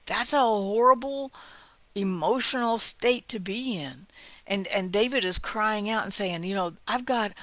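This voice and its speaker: A woman giving a heartfelt, conversational devotional talk, often dropping to a hushed whisper for emphasis. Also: medium pitch, unhurried, no echo. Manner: conversational, with asides and small laughs. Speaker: devotional speaker.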